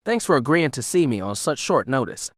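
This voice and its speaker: A man's voice: mid-range voice, very animated, brisk, no room sound. Guarded male jedi, short cool lines, read by a man, dry studio sound. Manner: clipped, cold politeness.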